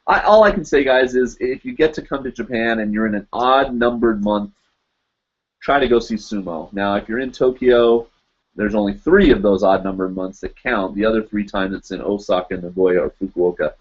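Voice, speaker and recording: A man hosting a live online show, chatting loosely with his viewers as he goes through their comments. He rambles through plenty of fillers and laughs now and then, in a somewhat low voice. The stream audio sounds dull and lo-fi. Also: normal speed, slightly rough. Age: adult, teaches in Japan. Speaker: host of a live web show. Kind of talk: casual live-stream chat reading comments.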